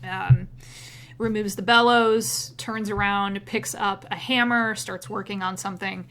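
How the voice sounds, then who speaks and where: A woman narrating as game master of a tabletop game, relaxed with many fillers and frequent laughs. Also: mid-range voice, unhurried, a little hiss or hum.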